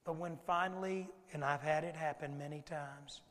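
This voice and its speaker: A middle-aged pastor with a fairly high voice preaches in a big church whose sound rings out long behind him. He swings from ringing, forceful declarations down to soft, hushed words. It is a passionate sermon delivery. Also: fairly even intonation, moderate pace. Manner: impassioned preaching, swinging from loud declarations to hushed intimate tones. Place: church sanctuary. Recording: reverberant sanctuary sound.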